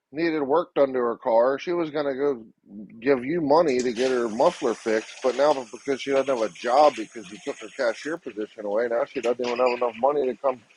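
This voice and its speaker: A man's voice: medium pitch, a little mellow, slight background noise, rough recording. A man in a casual group chat who lays out a reasoned argument step by step. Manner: reasoning, explanatory.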